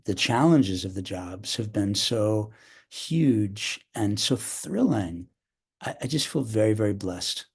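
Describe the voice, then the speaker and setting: Low-voiced older man, thoughtful guest. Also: a little mellow, husky. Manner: reflective, with frequent restarts and fillers. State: slight cough, clearing throat. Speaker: theater director, guest. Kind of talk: podcast interview.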